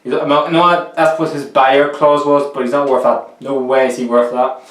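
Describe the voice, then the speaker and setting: This young male football vlogger rambles chattily through casual, opinionated transfer commentary. His mid-range voice is level in tone, a bit bright, and moves at a normal pace. He sits a little off the mic, so the distant recording picks up a roomy echo.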